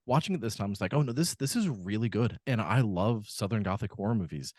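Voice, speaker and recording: A man's voice: lowish voice, lively intonation, quick pace, darkish tone, no echo, studio quality. Rambling male podcast co-host. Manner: rambling, many fillers and restarts. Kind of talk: casual film discussion.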